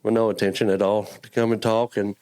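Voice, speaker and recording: A man giving an earnest personal faith testimony as a church guest. He talks haltingly, often repeating his words, and sounds close to tears. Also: lowish voice, little pitch movement, a little mellow, clear, resonant tone. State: emotional, near tears.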